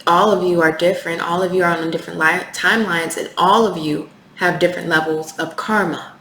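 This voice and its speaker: A woman with a lowish, steady, slightly bright voice gives a spiritual tarot reading to camera at a fairly quick pace. She speaks passionately, keeps repeating rhetorical questions, and swears occasionally. The room is echoey, with faint noise in the background.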